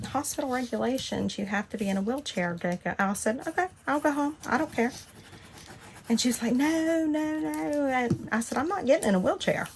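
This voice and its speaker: A woman in her fifties chats easily through a long personal story. Her voice sits a little low and has a gravelly fry, and she livens up whenever she acts out her own lines. A steady hiss of noise runs under the home recording. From Southern United States. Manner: chatty, animated when quoting herself. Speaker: crafting channel host. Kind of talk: casual storytelling chat.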